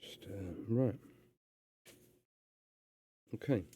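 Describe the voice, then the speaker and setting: A man reading a story aloud and chatting on a live stream, relaxed with many hesitations. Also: on the low side, extremely slow, slightly rough.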